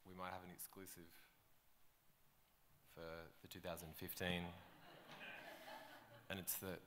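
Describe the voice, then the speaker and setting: A man's voice: low voice, completely flat delivery, a little slow, in a large hall, background noise. A man moderating a conference panel, making dry jokes as he hands over the questions.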